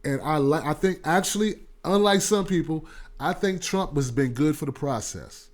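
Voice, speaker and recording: High-voiced man ranting casually. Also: moderate pace. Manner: animated, repetitive, laughs often. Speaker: talk show host. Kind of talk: casual political commentary.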